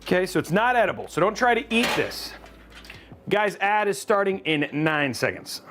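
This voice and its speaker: Animated man hosting a live build stream. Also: sits high, moderate pace, a little hiss or hum. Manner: animated, jokey, chatting with viewers. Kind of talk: casual live-stream chat while building.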